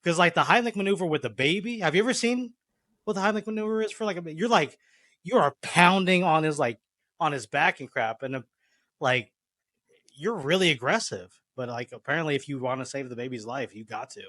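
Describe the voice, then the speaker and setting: A man's voice: a little high, expressive, a little fast, pushed and bright, dry recording, studio quality. A man hosting a casual podcast chat, blunt and easygoing. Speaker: podcast host.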